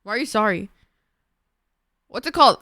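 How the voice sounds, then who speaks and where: A young woman streamer chatting casually with viewers, excitable and swearing, laughing often. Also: mid-range voice, moderate pace, no room sound, studio quality. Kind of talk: casual gaming stream chat.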